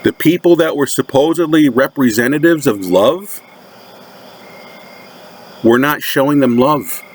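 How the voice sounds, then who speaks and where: A man from the United States, a religious commentator, delivers a sermon-like monologue with slow, deliberate and emphatic repetition. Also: mid-range voice, animated, a little hiss or hum.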